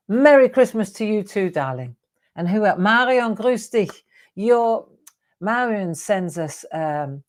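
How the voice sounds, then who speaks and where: A woman's voice: on the low side, a little mellow. A middle-aged woman hosting a casual craft livestream. She chats and rambles, greeting viewers by name as she goes. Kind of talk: casual live chat to viewers. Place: home craft studio.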